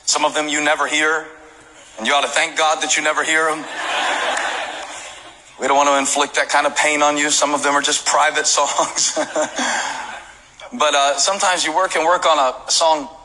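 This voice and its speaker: A man preaching a sermon as pastor, mixing joking stories with rising shouted appeals to the congregation. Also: fairly high pitch, level tone, normal speed, pauses often, low-quality recording. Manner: storytelling that builds to shouted preaching; jokey asides with laughs. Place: church service.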